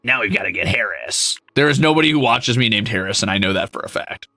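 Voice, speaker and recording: A man chatting casually while streaming a game, playful and animated, with sudden squeals, mock scolding and casual swearing. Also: on the low side, fast, creaky, no echo, clean studio sound, faint music behind. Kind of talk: casual game livestream chat.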